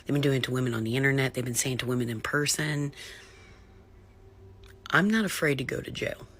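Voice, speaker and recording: A woman's voice: very deep voice, brisk, fairly bright tone, husky. A woman speaking intensely and defiantly to camera, with a threatening edge. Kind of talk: angry monologue to camera.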